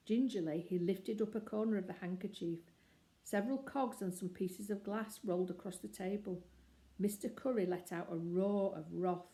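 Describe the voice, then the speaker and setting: A woman reading a children's storybook aloud with lively character voices. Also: medium pitch, normal speed, rough recording. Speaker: narrator.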